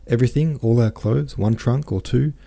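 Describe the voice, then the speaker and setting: A man voicing a flustered, distraught young woman in a read-aloud novel, asking anxious, hurried questions. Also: medium pitch, creaky, mellow, husky, voice pushed up. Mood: distracted.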